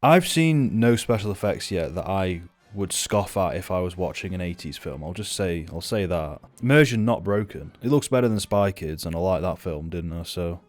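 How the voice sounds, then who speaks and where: A man's voice: sits low, expressive, normal speed, hardly any pauses. A young man giving sweary, offhand, sardonic commentary while reviewing a film. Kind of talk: casual reaction commentary.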